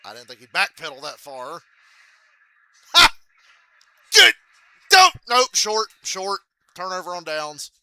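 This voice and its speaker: A man reacting live to a football game, with profane, excitable outbursts. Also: sits high, slow pace, pauses often, no echo.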